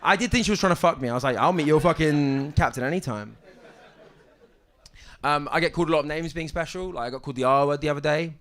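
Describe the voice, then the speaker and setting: A young man doing a stand-up set on a club stage, with a halting deadpan delivery full of ums and restarts. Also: a little high. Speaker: stand-up comedian. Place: comedy club stage with audience. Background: audience laughter.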